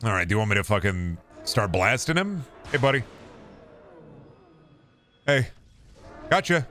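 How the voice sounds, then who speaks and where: A low-voiced man streams a game and rambles through casual, profane commentary with jokey asides. Clear noise runs behind his voice on the stream audio. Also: big pitch swings, measured pace, long pauses.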